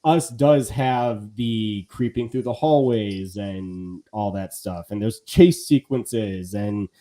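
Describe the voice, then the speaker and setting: A man's voice: lowish voice, slow pace, mellow. A man co-hosting a live podcast in casual chat, rambling with lots of fillers and restarts. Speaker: podcast co-host.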